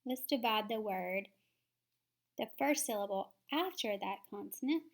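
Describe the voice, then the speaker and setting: A woman teaching phonics, explaining each step slowly and sounding words out syllable by syllable. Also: mid-range voice, animated. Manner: slow, deliberate, sounding words out.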